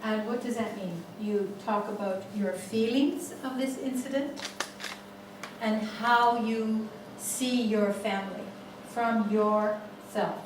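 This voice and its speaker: A woman leading a family constellation seminar, telling a case story slowly with many restarts. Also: mid-range voice, fairly even intonation, noisy background. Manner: slow, halting storytelling with restarts. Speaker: seminar facilitator. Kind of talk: guiding a family constellation exercise. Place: seminar room. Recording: echoey room, far from mic.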